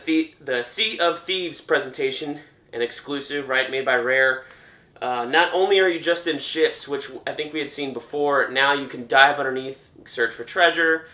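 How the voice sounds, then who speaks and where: In a room with noticeable echo, a young gaming commentator with a highish, bright, forceful voice jokes and chats his way through a reaction to gaming news. He tends to trail off and restart as he goes.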